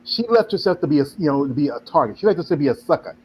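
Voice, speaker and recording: A man's voice: a little high, sing-song, rapid-fire, darkish tone, a little hiss or hum, rough recording. A man hosting a podcast in casual chat, rambling with constant "you know"s and blunt, profane remarks. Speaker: podcast host.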